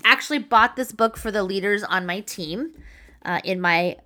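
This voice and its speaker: A woman in her thirties hosting a podcast, telling a story in a chatty, animated way and laughing as she goes. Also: medium pitch, normal speed. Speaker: podcast host. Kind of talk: casual storytelling monologue.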